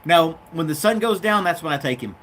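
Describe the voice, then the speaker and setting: A man's voice: a little high, animated, brisk, fairly bright tone, a little hiss or hum. A man hosting his own show, chatting casually and off the cuff, rambling between topics and talking to his dog. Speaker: podcast host. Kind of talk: casual chat.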